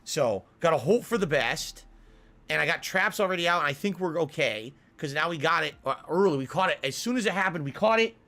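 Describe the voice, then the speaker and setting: Man vlogger, higher voice, rambling casual chat, a bit fed up. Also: animated, fairly quick, bright, forceful tone. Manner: chatty, rambling, mildly annoyed. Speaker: vlogger in a clip being reacted to. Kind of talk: casual vlog talk.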